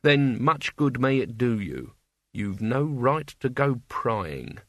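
A surly old man grumbles in a slow, grudging growl, dragging his words out, as a male narrator puts him on. The sound is dry and close, with no room around it. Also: mid-range voice, sing-song, no room sound. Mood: grumbling. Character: grumpy old male wizard servant, surly.

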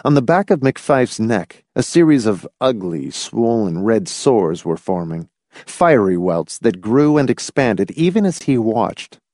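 A man narrating a novel in an expressive, dramatic storytelling manner. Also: medium pitch, measured pace, no echo, studio quality. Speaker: audiobook narrator. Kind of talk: scripted narration.

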